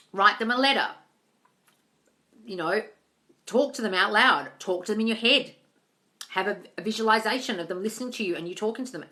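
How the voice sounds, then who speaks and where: Bright-voiced chatty woman. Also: medium pitch. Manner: direct, chatty, reads out viewer comments and answers. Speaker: manifesting coach answering live chat. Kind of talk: casual live-stream Q&A.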